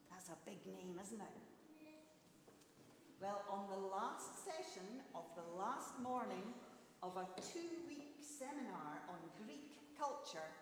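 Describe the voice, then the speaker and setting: A woman giving a chatty children's talk in church, gently teasing the kids and telling a story while projecting her voice without a microphone. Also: mid-range voice, slight background noise. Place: large church. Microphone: faulty microphone, then no mic, projecting her voice. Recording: echoey church with long reverb.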